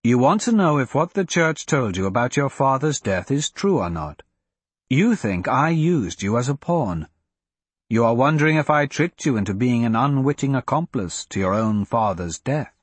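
A man reading an audiobook, voicing an ancient, cryptic male wizard who speaks in a measured, grave and blunt way. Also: medium pitch, very animated, husky, dry recording. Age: older.

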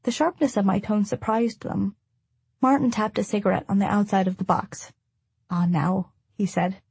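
A woman narrating a first-person story as an audiobook, in an even, measured way. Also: mid-range voice, gravelly, breathy edge, dry recording.

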